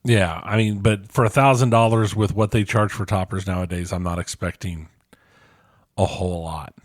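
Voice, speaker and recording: A man's voice: deep voice, steady tone, normal speed, no room sound. A man co-hosting a gaming podcast, chatting with dry self-deprecating humor and reading a listener's review aloud. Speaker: podcast co-host.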